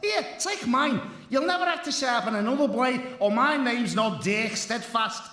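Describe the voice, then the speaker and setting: An actor playing a hearty, boastful hero knight in a video game, chummy and blustering. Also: male voice, extremely high pitch, lively intonation, moderate pace, sharp tone, full character voice. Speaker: game character. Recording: echoey game dialogue.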